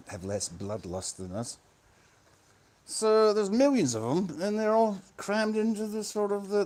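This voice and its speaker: Sardonic man, fairly high voice. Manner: profane, sardonic, swings between loud outbursts and low mutters. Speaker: vlogger. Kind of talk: rambling comic monologue. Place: room indoors with electric fans.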